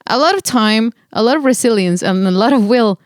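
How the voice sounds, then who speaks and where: A woman's voice: a little high, lively intonation, no room sound, clean studio sound. A young adult woman co-hosting a podcast in casual chat, joking and stumbling over her words. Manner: joking, stammering restarts, quick asides. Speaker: podcast co-host.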